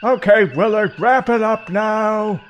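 A man's voice: sits high, takes it slowly, muffled recording, soft background music. A man voicing an impatient male officer who hurries the others along in a comedy audio play. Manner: brusque, impatient. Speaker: voice actor.

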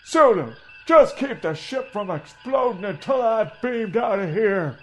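A man voicing an exasperated, grumpy male first officer who grumbles slowly and irritably in a comedy audio parody. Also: sits high, expressive, slight background noise. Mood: irritable.

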